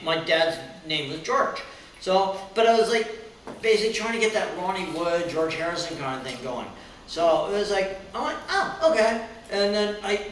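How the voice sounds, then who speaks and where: An older man with a slightly high voice tells a rambling story full of restarts and fillers. He sounds a little distant from the mic, in a very echoey room with faint background noise. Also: a bit bright. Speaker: guest songwriter and guitarist. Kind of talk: casual chat, storytelling.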